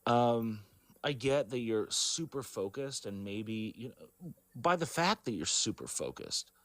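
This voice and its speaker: A man being interviewed, telling a personal story in a rambling, halting way, full of fillers and self-corrections. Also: medium pitch, sing-song, a bit bright, no echo. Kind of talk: casual storytelling.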